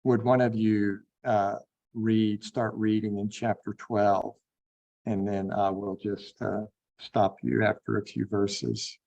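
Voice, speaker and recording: A man teaching a Bible class, unhurried and thinking aloud with frequent fillers. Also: fairly low pitch, flat delivery, vocal fry, mellow, muffled recording. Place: online classroom.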